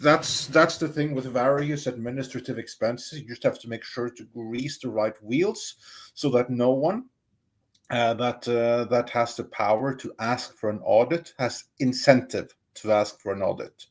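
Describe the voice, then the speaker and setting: A man on a podcast panel, measured and wry in casual chat. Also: mid-range voice.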